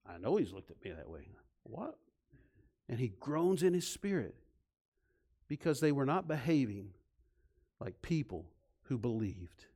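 A man preaching a sermon, swinging from loud, emphatic points to soft, low passages. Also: sing-song, normal speed, long pauses, husky. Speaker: pastor.

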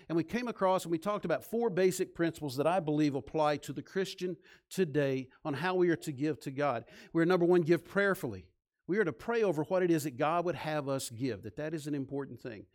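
Man preaching a sermon in a higher voice. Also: brisk. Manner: storytelling, emphatic preaching with listed points. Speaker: pastor.

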